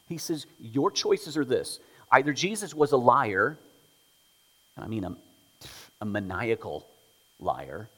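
Man, pastor, Easter sermon, medium pitch, soft-to-loud emphatic delivery, long reverb from a large room. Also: animated, a little slow, long pauses. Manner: dynamic, swings from soft prayer to loud emphasis.

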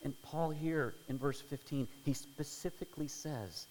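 A male pastor preaching a sermon, swinging between loud dramatic storytelling and hushed prayer. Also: on the high side, a little slow, few pauses, big-room sound, slight background noise, poor audio.

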